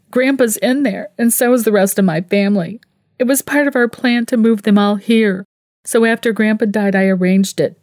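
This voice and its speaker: A woman narrator with a mid-range, slightly mellow natural voice voices a distraught, fiery grown woman who cries out emotionally, pitching the character above her own voice. The audio is studio quality with no room sound.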